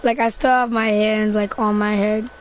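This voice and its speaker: A woman's voice: mid-range voice, flat delivery, normal speed. A woman playing her own character in an improvised role-play, describing what she does in the first person. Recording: muffled lo-fi with loud hiss.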